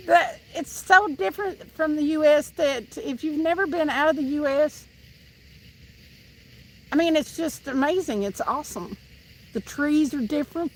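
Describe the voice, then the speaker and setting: A woman's voice: sits high, slight background noise, rough recording. A woman with a Southern Tennessee accent, hosting a live stream and chatting with viewers while she fishes outdoors by the water. She talks in a chatty, laughing way and often restarts her sentences. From Tennessee, USA. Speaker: livestream host reading chat. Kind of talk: casual chat with live viewers.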